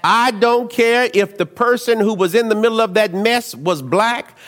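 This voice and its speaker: A man preaching a sermon, telling stories in an animated way, dropping to low asides and rising to shouts. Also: moderate pace, big-room sound.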